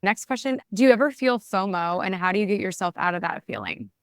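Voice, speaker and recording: A woman's voice: medium pitch, lively intonation, fast, dry recording, clean studio sound. A woman moderating an online workshop, reading out audience questions with short, friendly prompts.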